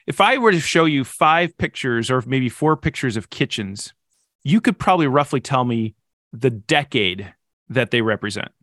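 A middle-aged man telling a story as a podcast guest, animated and self-mocking, with exasperated asides. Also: mid-range voice, normal speed, no echo, clean studio sound. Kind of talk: casual storytelling in conversation.

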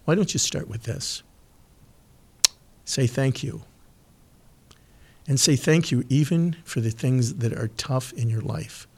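Earnest man giving a slow devotional. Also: medium pitch, gravelly, darkish tone, breathy edge. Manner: earnest, slow and emphatic with pauses, gets emotional. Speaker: podcast host giving a devotional. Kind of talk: devotional talk and prayer.

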